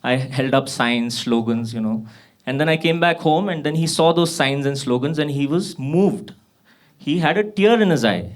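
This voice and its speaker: A man's voice: fairly high pitch, lively intonation, moderate pace. A man in his thirties from Kashmir doing a profane stand-up comedy set in a club, his voice jumping up when he gets riled. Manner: profane, exasperated punchlines, voice jumps up when riled. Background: audience laughter.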